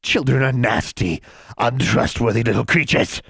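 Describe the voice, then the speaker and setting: A wheedling, falsely sweet old hag from a storybook, put on by a male reader. The voice sits well above the man's own deep register and drips with cunning. It sounds a little distant from the mic in a dry, dead room. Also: moderate pace, creaky, fairly bright tone, breathy edge, no room sound, full character voice. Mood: menacing.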